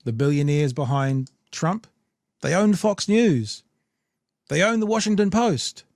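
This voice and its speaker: A man's voice: fairly high pitch, expressive, unhurried, darkish tone, no echo, studio quality. A man hosting a podcast, giving casual, rambling commentary full of restarts. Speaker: podcast host.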